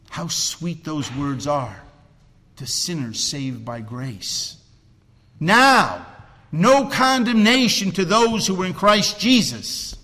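A man preaching a sermon as pastor, swinging between loud emphatic cries and hushed, low, drawn-out phrases. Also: animated, long reverb tail.

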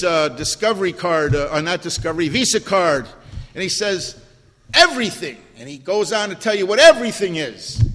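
Older man, preacher, sermon, emphatic, repeats words, high voice, long hall echo. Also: fairly bright tone. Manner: emphatic, repeats key words, asks the congregation questions.

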